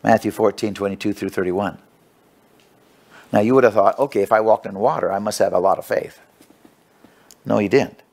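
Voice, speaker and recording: A man preaching a sermon. He reads scripture aloud, then tells stories in a halting way, with many restarts. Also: creaky. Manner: swings between loud preaching and low quiet storytelling.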